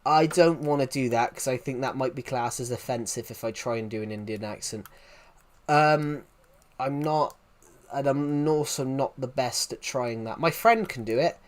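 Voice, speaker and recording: This Southwest English man, from England, talks at medium pitch and a moderate pace. On his live stream he chats casually and rambles, often restarting, while answering what viewers write.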